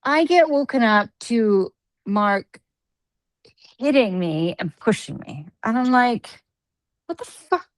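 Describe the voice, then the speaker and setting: A woman co-hosting a podcast in casual chat, telling stories with lively energy and plenty of swearing. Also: a little high, takes it slowly, no echo. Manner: animated storyteller, swears freely. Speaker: podcast co-host.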